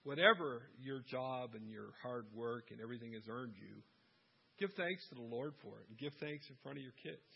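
Husky-voiced man sharing family faith stories. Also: mid-range voice, moderate pace. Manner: warm storytelling, laughs at himself. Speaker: Christian speaker on family life. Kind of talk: casual talk on faith and parenting. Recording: dull lo-fi sound.

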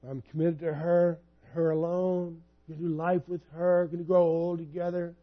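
A man's voice: fairly high pitch, moderate pace, highs cut off. Conversational pastor, man in his fifties. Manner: conversational, personal storytelling, animated when retelling. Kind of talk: sermon.

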